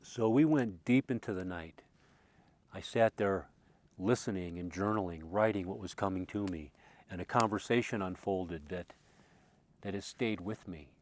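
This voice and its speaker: Speaking in a deep voice at a normal pace, a spiritual speaker tells an earnest, emotional story from his own life. His telling rises to loud passion and falls to hushed whispers, and he keeps repeating words whenever he starts over.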